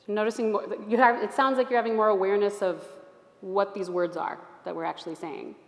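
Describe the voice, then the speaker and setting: A woman leading a workshop group through a gentle exercise, with an encouraging, inviting way of talking. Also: medium pitch, fairly even intonation, quick pace. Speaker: Alexander Technique teacher leading a workshop. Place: church. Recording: echoey church hall.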